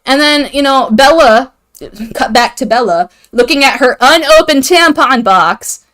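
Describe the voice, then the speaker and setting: Irreverent high-voiced young woman recapping. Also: animated, measured pace, fairly bright tone. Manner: irreverent, profane, acts out characters' lines. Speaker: video host. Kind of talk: comedic plot recap.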